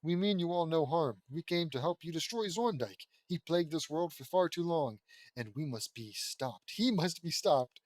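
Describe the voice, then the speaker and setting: An earnest young ninja hero makes big declarations, in a fairly high, dry voice, as a man reads his lines from a fan-fiction story. The delivery stays close to the reader's own speaking voice. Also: expressive, normal speed, dry recording, lightly acted.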